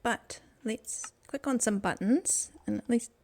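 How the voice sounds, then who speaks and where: A woman's voice: on the high side, unhurried, vocal fry. Giggly New Zealand woman streaming. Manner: giggly, chatty, talks to chat. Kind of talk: casual gaming stream chat. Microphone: desk microphone.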